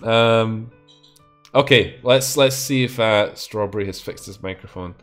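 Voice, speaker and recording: A man's voice: fairly low pitch, measured pace, soft background music. A young man hosting a game stream, chatting and teasing a guest in a casual, joking way. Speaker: streamer host. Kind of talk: casual gameplay chat.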